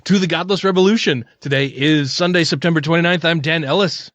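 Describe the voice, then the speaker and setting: A man's voice: on the high side, a little fast, a bit bright, no room sound. A man co-hosting a podcast in casual chat, laughing often and swearing casually. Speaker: podcast co-host. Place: Salt Lake City area. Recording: dull, slightly lo-fi dry podcast mic.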